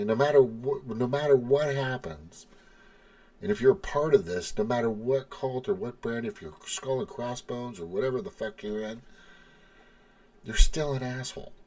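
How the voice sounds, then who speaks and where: A man's voice: medium pitch, darkish tone. A man hosting his own podcast, giving an angry, heated monologue full of swearing and restarts. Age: adult with children. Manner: profane, heated, repeats himself. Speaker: podcast host.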